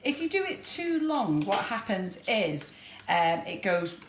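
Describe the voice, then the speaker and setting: A woman with a broad northern English accent chats through a live baking demonstration in a kitchen and laughs often. Her medium-pitched voice is sing-song and a little slow, and the roomy kitchen has background noise.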